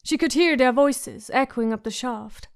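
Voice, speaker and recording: Woman reading an audiobook, slow and suspenseful, slightly high voice. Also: gravelly, clean tone. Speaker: audiobook narrator. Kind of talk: scripted narration.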